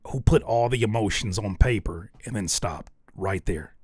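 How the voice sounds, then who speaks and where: A man's voice: fairly low pitch, normal speed, darkish tone, husky, no echo, studio quality. A man giving spoken feedback on songs as host, coaching analytically and thinking aloud as he searches for words. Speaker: music reviewer.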